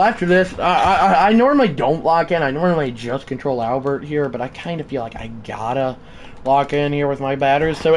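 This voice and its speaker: A man streaming a baseball video game, calling the plays like a play-by-play announcer, shouting on big plays and muttering asides in between. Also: fairly high pitch, a little hiss or hum. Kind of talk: live gameplay commentary.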